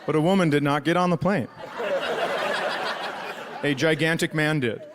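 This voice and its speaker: High-voiced male stand-up comic. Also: normal speed. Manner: profane, incredulous storytelling with quoted voices. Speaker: stand-up comedian. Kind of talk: stand-up comedy set. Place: theater stage before a live audience. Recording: live stage mic, crowd noise. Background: audience laughter.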